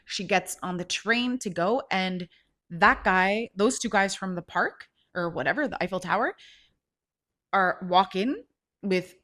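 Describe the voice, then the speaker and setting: A woman hosting a podcast, retelling a story in a casual, animated way with lots of "like" fillers. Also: medium pitch, a little slow. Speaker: podcast host.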